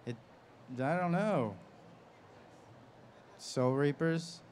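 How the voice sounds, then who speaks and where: There's slight background noise as this man speaks in a fairly high, darkish voice, drawing out his words. He's a voice actor on a convention stage, laughing often and chatting as he tells stories while answering audience questions.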